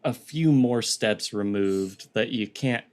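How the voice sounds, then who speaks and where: A man's voice: on the low side, slow pace. A man co-hosting a podcast in casual chat, rambling with many fillers and slipping into goofy voices when he quotes people. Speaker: podcast co-host.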